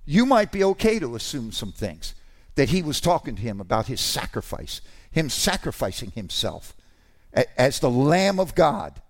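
A man preaching a sermon, animated and informal, with asides and restarts, rising to shouts on key lines. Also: mid-range voice, moderate pace. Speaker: pastor.

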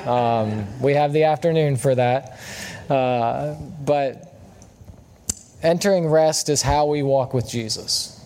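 A man's voice: mid-range voice, slow, a little mellow. A man preaching a sermon in a friendly, conversational way, often asking the congregation questions. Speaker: guest preacher. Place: church service.

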